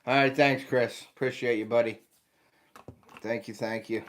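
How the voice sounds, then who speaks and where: A man's voice: mid-range voice, steady tone, moderate pace, a bit bright. An American man in his fifties, hosting a casual livestream for his outdoor channel. He sounds tired and yawns now and then, and he chats loosely while greeting viewers by name. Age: 50s. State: tired, yawning.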